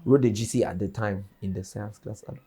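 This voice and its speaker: A man's voice: on the low side, fairly even intonation, a little fast, warm tone. A young man, answering interview questions in an earnest, rambling way. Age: young adult. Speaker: interview guest.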